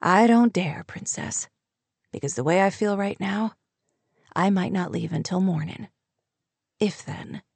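Audiobook romance hero: woman voicing a soft-spoken rancher, close and dry. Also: mid-range voice, a little slow, gravelly, pauses often, slightly rough, no room sound. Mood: tender. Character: adult man, teasing and tender rancher.

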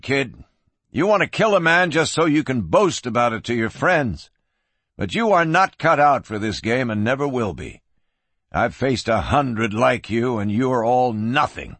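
A man's voice: mid-range voice, a bit bright, no room sound. A man voicing a hard veteran marshal in a western audiobook, speaking in a cutting, contemptuous way.

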